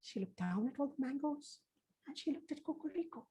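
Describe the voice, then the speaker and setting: A woman with a high, bright voice tells a children's story live. She is animated and expressive, asking her listeners questions and pausing for effect. Her delivery is warm in tempo and playful in tone. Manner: animated, addresses listeners directly, dramatic pauses.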